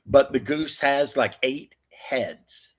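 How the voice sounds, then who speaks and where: A man's voice: mid-range voice, slow pace. An American man telling stories in loose, profane casual chat. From United States. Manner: animated storytelling, swearing. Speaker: podcast host.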